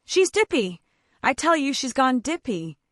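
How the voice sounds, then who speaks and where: A pudgy, hot-tempered old uncle, as a woman narrator plays him, snorting out angry bluster. The reading swings with lively pitch and sounds dry and close. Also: normal speed, no echo.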